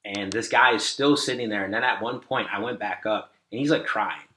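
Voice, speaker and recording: Brief: male podcast guest, lowish forceful voice, rambling storyteller full of fillers, echoey room. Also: brisk. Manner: rambling, many "like" fillers, acts out quoted dialogue. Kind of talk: casual storytelling.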